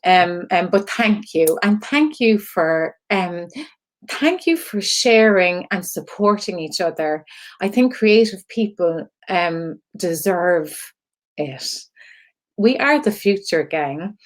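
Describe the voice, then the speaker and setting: An Irish woman talking live to her online community, earnest and a little teary. Her voice sits on the low side for a woman, and she rambles warmly through fillers and quick laughs. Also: expressive. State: emotional, close to tears. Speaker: host of an online creative community. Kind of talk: casual live-stream talk to viewers.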